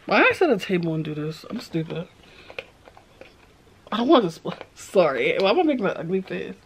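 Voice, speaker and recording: A woman's voice: lowish voice, big pitch swings, a little fast, a little hiss or hum. A woman vlogging casually to camera, dramatic and squeamish in manner. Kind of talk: casual vlog chat to camera.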